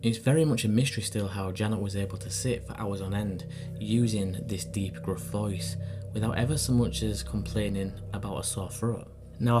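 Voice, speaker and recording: A man hosting and narrating, telling the story earnestly and then chatting casually to his viewers. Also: on the low side. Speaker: host and narrator. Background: background music.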